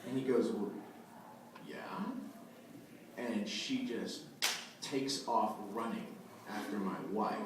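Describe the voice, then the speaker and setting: A man in his thirties, a voice actor at a convention panel, telling a story in an animated way and acting out the quotes. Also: on the low side, slow, long pauses, heavy background noise. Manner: animated anecdotal, acts out quotes. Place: large convention hall. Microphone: phone camera from the audience. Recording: echoey hall from far off, phone audio.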